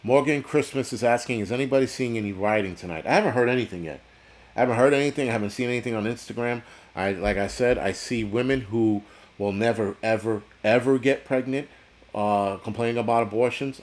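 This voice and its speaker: A man's voice: mid-range voice, a little fast. A man hosting a casual livestream, reading viewer chat and ranting bluntly, with constant swearing and rambling asides. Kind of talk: casual profane livestream rant.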